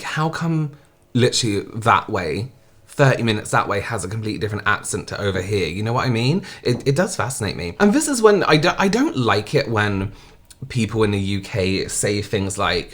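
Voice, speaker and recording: Casual English male reactor, low voice, loose and swearing. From England. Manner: chatty, swears freely, often asks "you know what I mean?". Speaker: reaction video host.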